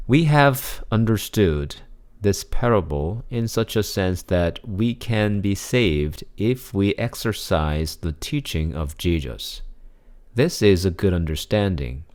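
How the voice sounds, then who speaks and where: A man with a very low voice reads scripture and then reflects on it like a preacher. His delivery is slow and deliberate, with each phrase set down carefully. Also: darkish tone. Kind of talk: scripture reading and sermon reflection.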